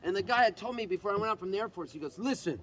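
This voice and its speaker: A man's voice: high-pitched, animated, rapid-fire. A man from Canada telling a rambling, laughing story at an outdoor campfire jam at a festival, acting out other people's voices. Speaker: singer-songwriter telling a story. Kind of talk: animated onstage storytelling. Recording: noisy crowd, loud festival ambience.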